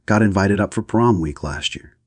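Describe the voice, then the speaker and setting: A man's voice: sits low, normal speed, a little mellow, slightly rough, dry recording, voice pushed up. An audiobook reader, a man, voicing a pert and defiant teenage girl. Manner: pert and scornful.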